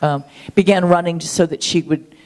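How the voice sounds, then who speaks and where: A woman's voice: on the low side, steady tone, normal speed, a little mellow. A woman in her sixties, a guest and marathon runner, talking in a chatty, enthusiastic way with many ums and restarts in an interview at a runners' event. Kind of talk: conversational interview.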